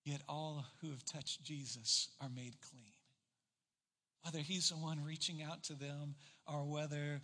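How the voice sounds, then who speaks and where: A man preaching a sermon, telling the story with animated, acted-out quotes. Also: a little high, unhurried, long reverb tail. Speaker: pastor.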